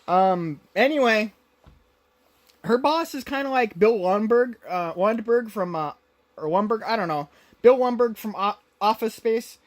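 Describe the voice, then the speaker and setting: A woman's voice: on the high side, lively intonation, unhurried. A woman co-hosting a podcast, recapping a movie in casual chat and rambling along with lots of fillers and restarts. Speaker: podcast co-host.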